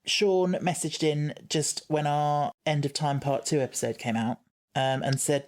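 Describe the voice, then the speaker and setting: A man's voice: fairly high pitch, steady tone, unhurried, darkish tone. A man co-hosting a casual podcast chat, reading listener messages aloud. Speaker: podcast co-host.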